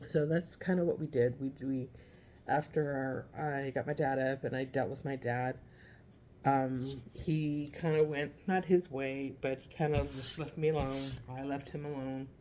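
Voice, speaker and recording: A woman's voice: a bass voice, fairly even intonation, dark tone, slight background noise. Teary, heartfelt woman vlogging at home. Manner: halting and heartfelt, with many restarts. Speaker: vlogger caring for her father. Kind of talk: casual vlog update to viewers.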